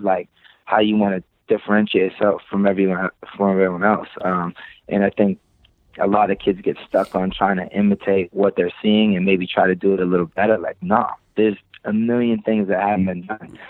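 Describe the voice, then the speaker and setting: A man's voice: fairly low pitch, dry recording. A man with a Boston accent, a podcast guest talking loosely and rambling, swearing casually as he chats. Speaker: podcast guest, creative director. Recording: tinny phone-like, dry sound.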